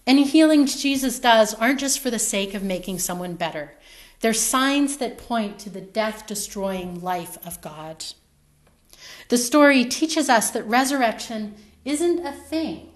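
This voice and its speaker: A woman's voice: a little high, animated, measured pace. Reflective woman preacher. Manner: reflective storytelling, phrases trailing off softly. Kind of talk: sermon.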